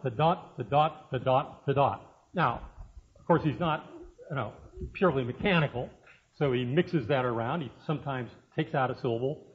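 A male professor in his sixties giving a university lecture in a classroom, speaking conversationally with frequent fillers and asides to the students. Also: a little high. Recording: dull lo-fi lecture recording.

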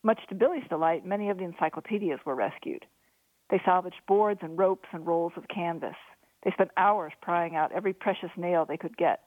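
Female author-narrator, steady storytelling, thin phone-like dry sound. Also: on the low side, fairly quick, no echo. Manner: steady storytelling, lively voices for dialogue. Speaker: author reading her own novel. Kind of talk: audiobook narration.

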